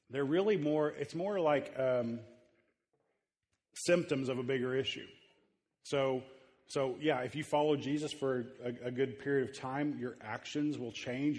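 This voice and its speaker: A man preaching to his church in an easygoing, halting manner, often stopping and restarting mid-thought. His voice sits at an ordinary middle pitch. Long reverb from the large hall trails after his words. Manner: conversational, halting with many fillers and restarts. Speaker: pastor. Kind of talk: sermon. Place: church sanctuary.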